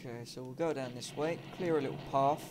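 A man's voice: mid-range voice, fast talker. A man giving casual let's-play commentary as a gamer, cursing and chatting to himself as he plays. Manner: cursing, chatty, mutters at the game. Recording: game sounds and engine noise under the voice.

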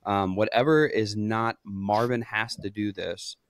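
A man's voice: on the low side, steady tone, measured pace, dry recording. A man hosting a podcast interview, telling stories in a casual, rambling way that often breaks off and restarts. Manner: rambling, self-interrupting storyteller. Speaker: podcast host.

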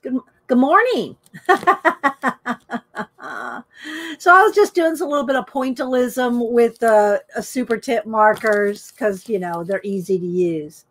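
Middle-aged woman host, high voice, unhurried, chatty live-stream greeter. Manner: chatty, greets viewers by name. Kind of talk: casual live-stream chat while coloring.

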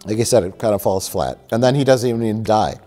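A man's voice: lowish voice, fairly quick, faint music behind. A middle-aged man in casual film discussion, telling a joke scene with lots of energy and acting bits out. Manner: animated storyteller who acts out scenes. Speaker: co-host reviewing films.

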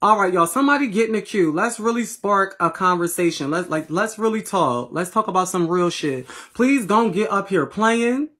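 This Philadelphia livestream host chats into her phone late at night, thanking viewers with sassy, playful, profane slang. Her mid-range voice is fairly bright with lively intonation, moving at normal speed with hardly any pauses.

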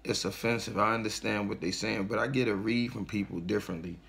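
A man's voice: fairly low pitch, steady tone, fast, gravelly, a bit bright. A man delivering an aggressive, profane religious rant straight to his audience, preaching and mocking. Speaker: online commentator. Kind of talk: angry religious rant to camera.

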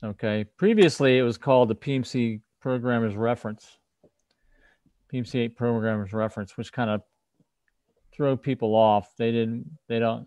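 A man's voice: mid-range voice, steady tone, normal speed, darkish tone, no echo. A man hosting a casual livestream tech talk over a video call, explaining things and often restarting his sentences. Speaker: host, firmware developer.

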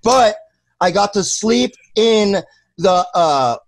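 This man has a high voice and tells rowdy, profane stories in casual chat, now and then putting on loud mock voices. His voice is recorded dry and close, with no room sound. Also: animated, slow, no room sound. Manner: loose, profane storytelling with loud put-on bits.

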